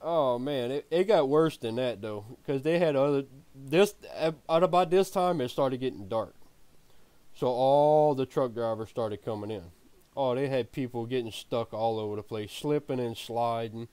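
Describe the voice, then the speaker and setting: A man's voice: mid-range voice, normal speed, mellow, clear, resonant tone, no room sound. A man streaming, telling a story in a casual way, laughing often and swearing freely.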